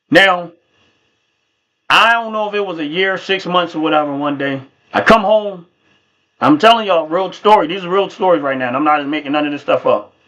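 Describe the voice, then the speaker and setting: A man's voice: fairly high pitch, pushed and bright. A man hosting a livestream, telling a personal faith testimony in an earnest, emphatic way and repeating himself for stress. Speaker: livestream host.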